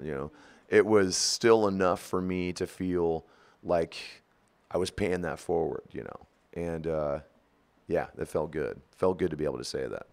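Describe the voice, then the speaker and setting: Deep-voiced man telling animated, profane stories. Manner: animated, profane, laughing often. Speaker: interview guest. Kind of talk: storytelling interview.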